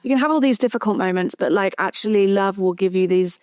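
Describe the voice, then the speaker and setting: A woman hosting a casual interview, encouraging her guest with quick affirmations. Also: mid-range voice, no room sound, clean studio sound. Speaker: podcast host.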